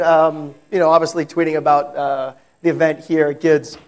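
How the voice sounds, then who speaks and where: Man, American accent, high-pitched voice, joking, conference talk. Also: measured pace, hardly any pauses. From New York, United States. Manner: chatty, joking with the audience. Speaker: conference speaker. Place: large conference hall.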